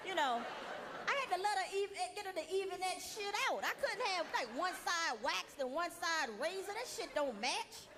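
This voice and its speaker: A woman doing a stand-up set with animated, indignant storytelling that bursts into yelling. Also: very high-pitched, moderate pace. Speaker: stand-up comedian. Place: large comedy venue before audience. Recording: big hall with roaring audience.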